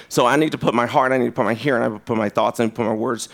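A man preaching a conversational sermon. He tells stories in an animated way, and his pitch jumps sharply. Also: fast, hardly any pauses.

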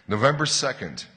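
A man preaching a sermon. He tells wry jokes, then reads scripture slowly like a bedtime story. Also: mid-range voice, pushed and bright. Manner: wry joking, then slow storybook reading. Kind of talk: sermon with humorous readings. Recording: reverberant hall.

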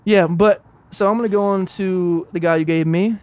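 A man's voice: high-pitched, fairly even intonation, normal speed, a little mellow, smooth. A young man chatting casually about music, telling a rambling funny story and laughing often. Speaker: podcast co-host. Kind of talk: casual music review chat.

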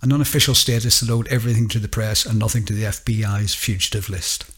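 A man reading a story aloud as narrator, in a measured, steady storytelling delivery. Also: lowish voice, husky.

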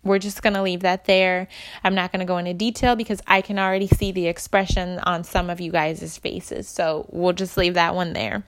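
A young woman with a gravelly, fry-edged voice recounts a personal story straight to her viewers. Her delivery is candid and emotional, like confiding in friends. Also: lowish voice, flat delivery, moderate pace. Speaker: vlogger.

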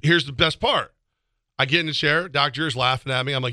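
Man, sports talk co-host, rambling casual storytelling, self-mocking, chewing gum, rapid talk, dry close sound. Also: medium pitch, sharp tone, no echo.

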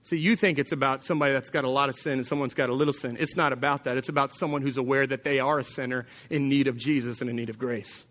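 Bright-voiced man preaching animated sermon. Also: medium pitch, fast, few pauses. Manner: animated storytelling, acting out quoted voices. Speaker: pastor.

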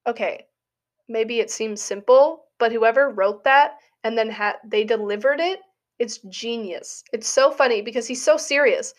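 A woman's voice: on the high side, measured pace. A young adult woman, a college student, talking through a casual spoken essay in a chatty, giggly way full of "like" fillers. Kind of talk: casual monologue.

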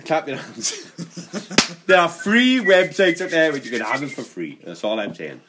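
A man's voice: fairly high pitch, sing-song, measured pace, a bit bright, slight background noise. A man hosting a podcast, swearing a lot and laughing through crude banter. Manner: swears often, laughs through his lines. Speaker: podcast host.

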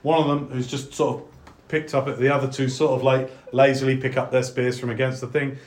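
A man's voice: mid-range voice, flat delivery, brisk, a little hiss or hum. Give me a man running a tabletop game with a hesitant, filler-heavy delivery in an echoey room. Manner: hesitant, many fillers and restarts. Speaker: game master.

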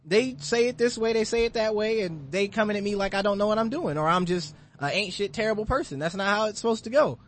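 A man on a podcast, talking in an emphatic, animated and profane way about a rap song. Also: sits high, quick pace, hardly any pauses, slight background noise. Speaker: podcast host. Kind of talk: casual podcast discussion.

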